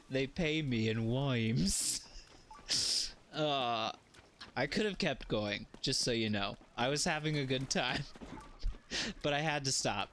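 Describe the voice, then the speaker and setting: A man's voice: mid-range voice, a bit bright, slight background noise. A man streaming a game live, rambling in a jokey way, swearing freely and chatting to his viewers.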